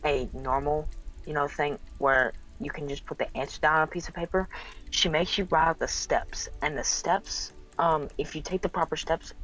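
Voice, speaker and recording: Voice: mid-range voice, a bit bright, low-quality recording. A friend in casual chat who talks hesitantly, often stopping and restarting.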